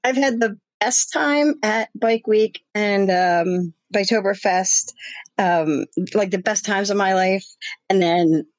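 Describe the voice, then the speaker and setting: A woman in her forties, co-hosting a casual podcast, giggly and drawn-out. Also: medium pitch, no room sound. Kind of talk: casual chat.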